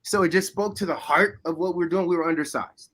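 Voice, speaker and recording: A man telling a football story in a casual podcast chat, animated and loud at times. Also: high-pitched, fast. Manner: animated storyteller, shouting replays. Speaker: former player guest.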